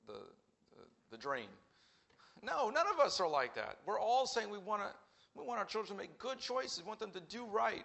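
A man's voice: fairly high pitch, pushed and bright. A man preaching an earnest sermon in a church, asking rhetorical questions and acting out quoted voices. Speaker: pastor.

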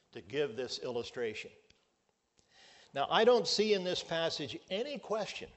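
A male pastor preaching a sermon, measured and emphatic, drawing out his key words. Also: fairly high pitch.

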